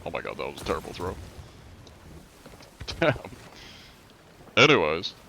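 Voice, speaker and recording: A man's voice: low voice, wildly swooping pitch, unhurried, creaky, pushed and bright, a little hiss or hum. A man from the United States chatting casually on a live game stream, joking as he answers chat questions.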